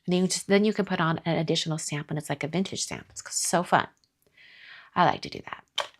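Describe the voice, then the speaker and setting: A woman's voice: deep voice, quick pace. Chatty woman hosting a craft stream. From American South. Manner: chatty, reads viewer comments aloud and answers them. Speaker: card-making live stream host. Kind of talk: casual live-stream chat.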